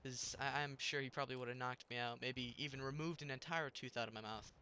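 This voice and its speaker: A man's voice: mid-range voice, steady tone, a little fast, bright, forceful tone, a little hiss or hum. A young man telling a rambling story while commenting on his gameplay, with many restarts.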